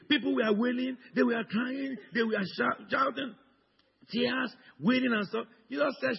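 A male pastor from Africa preaching a sermon with a husky, gravelly voice, swinging from low murmurs to loud, high exclamations. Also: fairly even intonation, moderate pace. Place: church in London. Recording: dull sound with long hall reverb.

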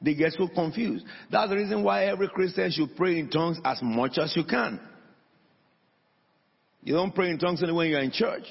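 A male pastor preaches emphatically in a church hall and calls out to the congregation for answers. His fairly high voice has a husky, breathy grain. The recording is dull and lo-fi, with a long reverb trailing off the room. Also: fairly quick. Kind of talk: sermon.

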